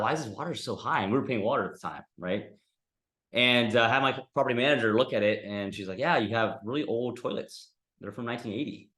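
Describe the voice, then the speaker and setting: Low-voiced man teaching a casual class. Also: bright, forceful tone, roomy sound. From United States. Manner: conversational, lots of "right?" and "like". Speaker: real estate investing instructor.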